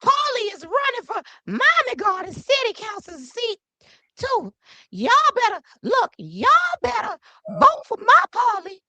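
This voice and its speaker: A woman doing a comic impression of a boastful older woman politician who calls herself the queen, speaking loudly and bossily. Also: extremely high pitch, sing-song, no room sound, voice pushed up, heavily acted. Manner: loud, bossy, proud, drawn-out.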